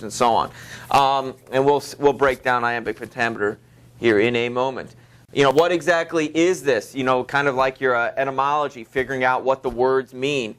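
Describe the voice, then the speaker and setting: A man teaching a high school literature class in a loose, rambling way, full of fillers and restarts. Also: moderate pace, a bit bright, clean tone. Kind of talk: classroom lecture.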